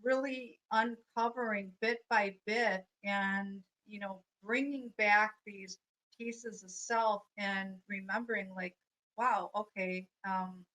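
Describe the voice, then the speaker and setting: A woman's voice: medium pitch, fairly even intonation, slow, a bit bright, low-quality recording. A woman life coach giving a live, earnest spiritual talk, reflective and full of fillers. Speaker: life coach and energy healer.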